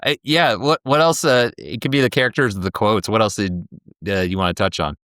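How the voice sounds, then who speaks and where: Male co-host, low register, eager movie talk, dry recording. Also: fairly quick, a bit bright, no echo. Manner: enthusiastic, quotes lines in playful voices. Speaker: co-host of a movie review show. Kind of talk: casual movie review chat.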